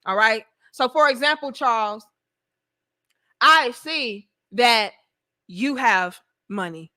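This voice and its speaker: A woman's voice: fairly high pitch, slow, pushed and bright, dry recording, studio quality. A woman hosting a casual commentary vlog, blunt and profane, talking straight to her viewers. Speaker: host.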